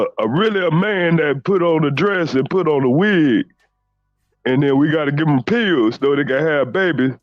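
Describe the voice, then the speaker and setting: A man's voice: a little high, no echo, muffled recording. A man doing a brash, profane ex-baller. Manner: profane bragging, stammered restarts. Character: boastful drunk male ex-basketball star, arrogant. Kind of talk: comedic impression rant.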